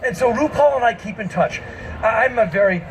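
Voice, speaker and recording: A man in his fifties telling a comic story on an outdoor festival stage into a stage microphone, emphatic and breaking into shouts. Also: extremely high pitch, animated, a little fast, slight background noise, low-quality recording. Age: 50s. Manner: emphatic, bursts into shouting, mimics people. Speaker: spoken-word performer. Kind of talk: stand-up storytelling.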